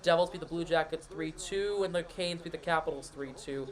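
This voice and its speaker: Man calling hockey play-by-play, high voice. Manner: rapid, running call of each pass and shot, with asides to chat. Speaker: play-by-play commentator and stream host. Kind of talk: live hockey play-by-play over a scoreboard stream.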